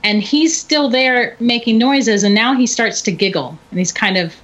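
A middle-aged woman telling a story in casual chat, animated and often laughing. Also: on the high side, normal speed. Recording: dull lo-fi recording.

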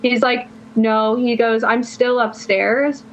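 A woman's voice: a little high, flat delivery, slow pace. A young woman guest on a podcast telling a long personal story in casual chat, rambling and filling her phrases with "like". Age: young adult. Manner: rambling, fills every phrase with "like". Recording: dull lo-fi sound.

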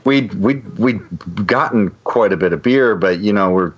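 A man's voice: fairly low pitch, normal speed, muffled recording. A man casually telling a long anecdote, rambling with frequent restarts and fillers. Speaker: guest storyteller.

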